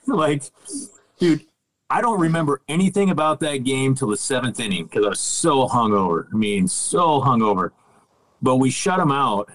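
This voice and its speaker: A man's voice: medium pitch, animated, moderate pace, a bit bright, low-quality recording. A middle-aged man, a podcast guest, casually telling stories, laid-back, swearing freely and laughing as he goes. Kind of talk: casual storytelling.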